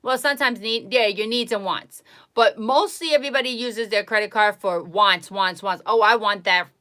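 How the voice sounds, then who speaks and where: A woman's voice: fairly high pitch, normal speed, bright, forceful tone. A woman talking casually on a live stream, giving blunt, emphatic advice and repeating herself for emphasis. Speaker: psychic livestreamer.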